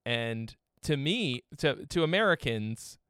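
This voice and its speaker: Man with a clear, smooth voice, joking. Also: mid-range voice, expressive, slow pace, a bit bright, dry recording, clean studio sound. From Massachusetts. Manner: profane, joking, mimics people. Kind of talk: casual chat.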